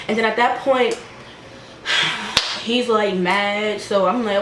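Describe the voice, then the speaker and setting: A young woman at a mid pitch chats through a storytime vlog, peppering every line with "like" and laughing at herself. She acts out the voices of the people in her story. Her voice rings in an echoey room over a faint hum of background noise. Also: steady tone, slow pace, long pauses. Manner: chatty, fillers of "like", laughs at herself, acts out the quoted lines. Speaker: vlogger telling a personal story. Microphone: camera microphone.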